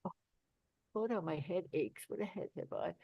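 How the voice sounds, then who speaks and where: A fussy old nurse who rambles on, groaning theatrically one moment and booming the next, read by a woman. The voice sits in a middle range and comes across dry and close, with no room sound. It carries the air of an amateur Shakespeare reading. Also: moderate pace, no echo, dull audio, lightly acted. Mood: complaining. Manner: rambling, theatrical groans and big swings in volume. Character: old chattering female nurse, fussy and complaining.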